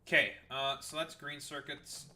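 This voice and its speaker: A man's voice: a little high, flat delivery, moderate pace, bright, forceful tone, distant mic, slight background noise. A man with a Canadian accent giving casual, swearing gameplay commentary as a streamer, rambling and thinking aloud.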